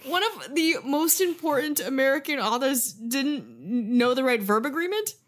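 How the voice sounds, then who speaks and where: Brief: female podcast co-host, sarcastic and quick, very animated pitch. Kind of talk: casual chat.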